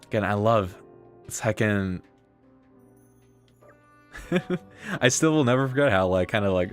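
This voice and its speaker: A man's voice: lowish voice, lively intonation, measured pace, pauses often. A man chatting casually while live-streaming a game, rambling with lots of fillers and playful slang. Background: game music.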